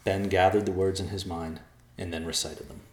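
A man with a very deep voice reads a storybook aloud in a calm, measured way. The recording carries a roomy echo. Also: a little hiss or hum. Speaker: narrator. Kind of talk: storybook reading. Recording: echoey room.

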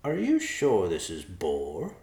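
A man voicing a frail, fatherly old man who speaks calmly and soothingly. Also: low-pitched, slow pace, reverberant, exaggerated voice. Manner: calm, soothing.

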